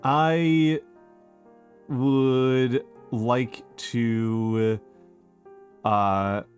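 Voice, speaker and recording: A man's voice: mid-range voice, flat delivery, drawn-out words, soft background music. A man streaming live who chats casually, reads out viewer messages, greets each viewer by name and repeats short phrases over and over. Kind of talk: casual chat with a live audience.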